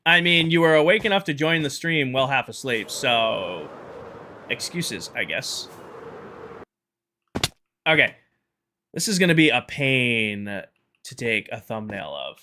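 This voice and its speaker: A man's voice: mid-range voice, lively intonation, takes it slowly, pauses often, pushed and bright, slight background noise. A man streaming a game live, chatting with his viewers in a casual, sarcastic way, tired at the end of a long stream. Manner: chatty, sarcastic, addresses chat directly. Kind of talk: casual livestream chat.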